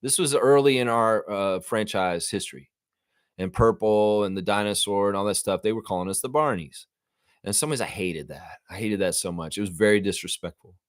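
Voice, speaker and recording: A man's voice: on the low side, fairly quick, dry recording, clean studio sound. Profane, exasperated ranting fan-show man. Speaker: sports show host. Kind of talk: live fan reaction show rant.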